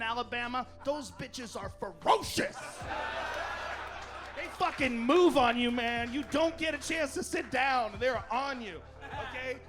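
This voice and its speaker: High-voiced man telling a crude stand-up story. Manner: crude, animated, acts out characters mid-story. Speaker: stand-up comedian.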